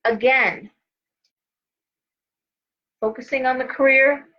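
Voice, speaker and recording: A middle-aged woman with a fairly high voice hosts a live tarot reading, chatty and rambling as she circles back over her points. She sounds tired, and the stream audio is dull and lo-fi. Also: fairly even intonation, slow pace. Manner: chatty, rambling, frequent restarts and asides. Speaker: host and tarot reader.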